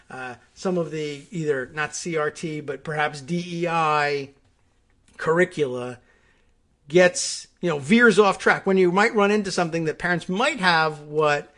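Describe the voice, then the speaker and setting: A man's voice: on the high side, fairly bright tone. A man hosting a political talk show, commenting sarcastically and thinking aloud with fillers. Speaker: podcast host.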